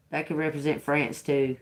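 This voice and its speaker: A woman's voice: sits low, very noisy. A woman giving a casual livestream tarot reading to her viewers, chatty, laughing often and swearing freely. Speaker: tarot reader.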